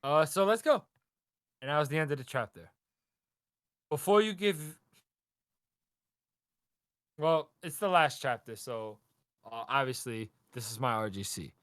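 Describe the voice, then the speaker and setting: A podcast co-host casually recaps a manga chapter, animated and swearing a lot as he acts out the characters' lines in quick voices. His voice is mid-range, with clean studio sound and no room sound.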